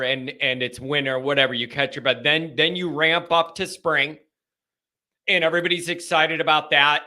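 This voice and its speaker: A man hosting a live call-in show, chatting casually and thinking out loud with many restarts. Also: on the high side. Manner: folksy, talks straight to the chat. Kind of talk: casual live-stream chat.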